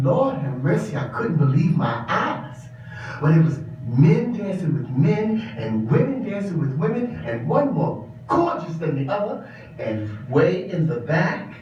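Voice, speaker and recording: Campy drag queen, acted by a man, high and swooping, theatrical monologue, distant roomy dull recording. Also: darkish tone, slight background noise. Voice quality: campy and theatrical, calls the listener darling and child. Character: sassy, flamboyant older male drag queen. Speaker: stage actor performing a monologue. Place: large echoing exhibition space.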